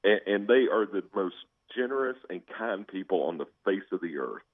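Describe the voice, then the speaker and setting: Deep-voiced man on a tinny phone line. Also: fairly quick, no room sound. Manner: storytelling, animated, laughing. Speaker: caller, fan. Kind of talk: casual chat.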